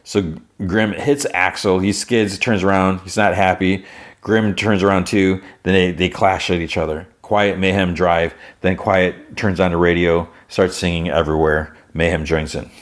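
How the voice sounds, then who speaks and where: A man's voice: deep voice, fairly even intonation, normal speed. A man hosting a podcast, casually retelling a TV episode in a rambling way full of "like". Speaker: podcast host.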